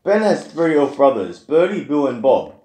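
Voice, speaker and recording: A woman's voice: low voice, big pitch swings, normal speed, dark tone. A woman reading a rhyming Christmas picture book aloud to a child at home, in a playful read-aloud manner. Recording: roomy home echo.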